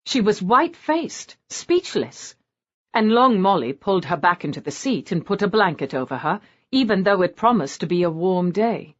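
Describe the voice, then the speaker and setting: A woman narrating a romance audiobook in a scripted style, with a lively, varied delivery. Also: medium pitch, moderate pace. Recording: dull lo-fi audio.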